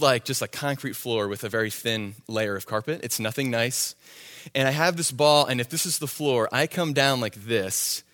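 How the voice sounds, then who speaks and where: A young man telling a self-deprecating story in a sermon, animated and quick with asides. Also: mid-range voice. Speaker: youth pastor.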